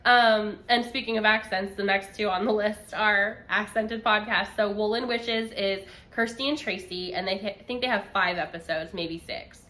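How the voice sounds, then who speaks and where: A woman's voice: medium pitch, fairly even intonation, moderate pace, hardly any pauses, sharp tone. A young woman co-hosting a podcast, chatting casually about knitting in a rambling way. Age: young adult. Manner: chatty, rambling, laughs often. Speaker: podcast co-host. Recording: echoey room.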